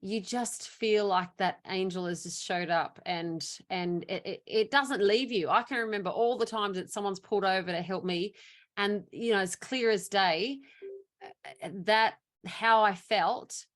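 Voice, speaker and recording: A woman's voice: medium pitch, fairly bright tone. Earnest Australian woman hosting an interview. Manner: earnest, reflective. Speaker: interview host. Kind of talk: casual interview chat.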